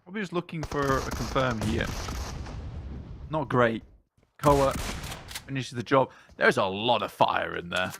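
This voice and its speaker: A man's voice: medium pitch, lively intonation, measured pace, gravelly, long pauses, fairly bright tone, a little hiss or hum. A man giving laid-back color commentary on an esports match. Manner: laid-back, banter-prone. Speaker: esports co-caster.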